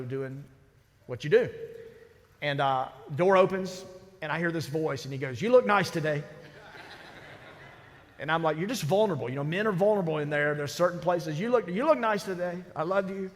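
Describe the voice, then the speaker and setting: A man who is the senior pastor, preaching a sermon in a lively, conversational storytelling way. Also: a little high, fairly quick. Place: large church sanctuary. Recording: church sanctuary with long reverb.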